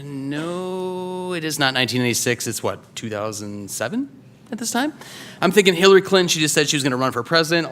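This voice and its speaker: A man in his thirties from Wisconsin tells a true story onstage at a story slam, speaking into a handheld mic. His voice is bright and forward at an ordinary pitch. He talks loosely and conversationally, full of fillers and false starts. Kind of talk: live first-person storytelling. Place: live stage before an audience.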